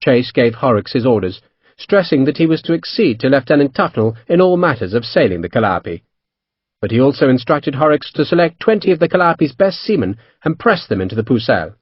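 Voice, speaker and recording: A man narrating an audiobook, his husky voice rising and falling with lively pitch. The recording is dry and somewhat dull. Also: fairly quick, no echo. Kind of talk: scripted narration.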